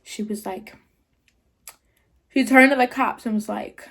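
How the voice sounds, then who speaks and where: Animated young woman telling a storytime. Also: measured pace, long pauses. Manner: animated retelling, acts out quotes with big pitch jumps; slangy, filler-heavy, 'like' often. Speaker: vlogger. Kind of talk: casual storytime.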